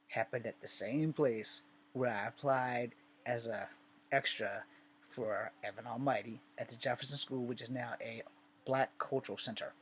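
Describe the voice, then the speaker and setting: A man's voice: medium pitch, slight background noise. A man from Virginia telling personal stories in a candid, rambling and profane way, in a casual vlog.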